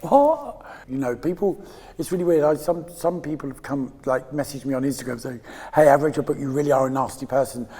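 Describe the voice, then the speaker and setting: A man's voice: medium pitch, animated, a little fast, mellow, husky, in a large hall. A man in his fifties from England, guest in a candid interview, talking in a rambling, emotional way with frequent laughs and restarts. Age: 50s.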